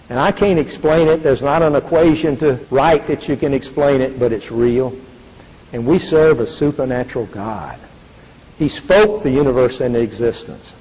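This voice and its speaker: Husky older man in a reverberant hall. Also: mid-range voice, darkish tone. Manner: earnest, preacherly cadence with repetition. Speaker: guest speaker giving a testimony. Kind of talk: faith testimony talk.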